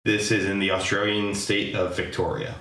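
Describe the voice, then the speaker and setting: Podcast host, male, lowish voice, chatty storyteller in an echoey room. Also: flat delivery, normal speed, sharp tone. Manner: chatty storyteller, hedges and jokes. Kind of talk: casual chat.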